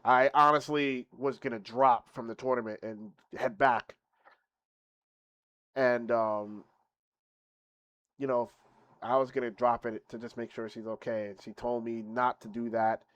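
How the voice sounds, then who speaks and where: A young man streaming casually to his viewers, boasting playfully, laughing, then thanking them softly. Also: medium pitch, level tone, measured pace, long pauses, dry recording.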